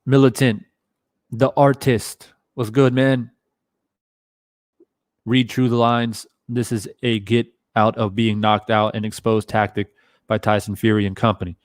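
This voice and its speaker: A man's voice: lowish voice, measured pace, no room sound, clean studio sound. A man hosting a live boxing stream, chatting casually with viewers and swearing freely. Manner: casual, profane, animated talker. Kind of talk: live stream commentary reading chat.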